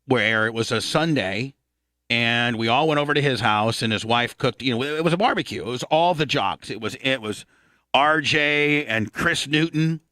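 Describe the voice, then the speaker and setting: A man in his fifties hosting a radio talk show, telling a rambling, profane story and clearing his throat often. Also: medium pitch, normal speed, sharp tone, dry recording, clean studio sound.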